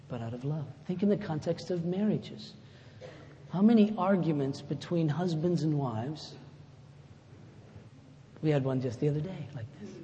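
A pastor giving a sermon in a conversational way, rising to loud emphatic lines and dropping to soft, low asides. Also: male voice, slight background noise. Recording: echoey hall with faint ambience.

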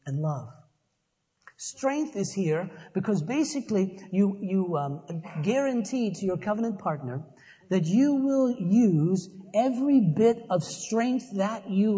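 A man's voice: sits high, mellow, breathy edge. Earnest male preacher, sermon delivery with emphatic repetition, long hall reverb.

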